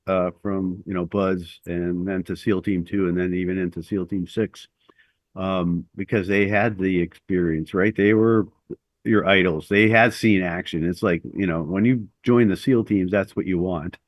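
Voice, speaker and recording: A man's voice: low-pitched, steady tone, unhurried, no room sound. A middle-aged man, a former Navy SEAL, telling stories in a casual interview, with rambling speech full of fillers and restarts.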